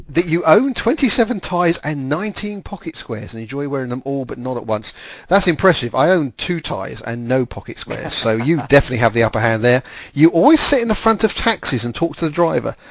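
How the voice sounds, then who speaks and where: Guy hosting a podcast, lots of ums, mid pitch, dry close sound. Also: no echo. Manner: rambling, with many fillers and restarts. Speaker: podcast host. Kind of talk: casual podcast interview.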